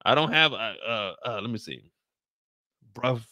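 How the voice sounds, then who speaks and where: Man, American accent, casual episode recap, slangy and animated, very bright forceful voice, dry close sound. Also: lowish voice, moderate pace, no echo. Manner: animated, slangy, playful, reads out chat questions. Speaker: show recap host. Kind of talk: casual recap talk to a live chat.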